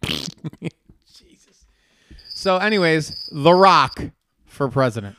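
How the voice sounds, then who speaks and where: A man's voice: fairly high pitch, lively intonation, slow, sharp tone, no room sound. A man co-hosting a casual comedic debate, teasing and mock-formal as he argues his side.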